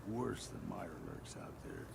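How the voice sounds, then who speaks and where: A weathered old island guide in a video game, his voice deeply gravelly and rough. He talks in a blunt, grudging drawl, and loud background noise runs under the game audio. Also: sing-song, measured pace, heavily acted. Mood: gruff.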